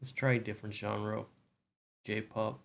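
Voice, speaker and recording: A male streamer in quiet, casual chat, rambling and softly mocking himself with light laughs. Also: fairly low pitch, little pitch movement, measured pace, vocal fry.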